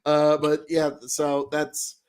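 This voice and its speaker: A man's voice: on the high side, monotone, slow, clear, resonant tone. A man co-hosting a livestreamed podcast, rambling and cursing in casual banter with friends. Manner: rambling, profane, laughing. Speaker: podcast co-host. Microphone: livestream podcast mic.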